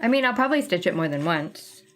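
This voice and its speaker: A woman's voice: on the low side, sing-song, fast talker, soft background music. Chatty woman hosting a stitching livestream. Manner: chatty, thinking aloud while sorting flosses. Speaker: cross-stitch livestream host. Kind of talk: casual livestream chat.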